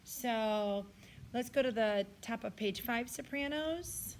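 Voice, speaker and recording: A woman's voice: fairly high pitch, fairly even intonation, slow, a little mellow, a little hiss or hum. Tired-voiced woman teaching a choir. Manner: directs singers, sings phrases to demonstrate. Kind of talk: recorded choir rehearsal lesson.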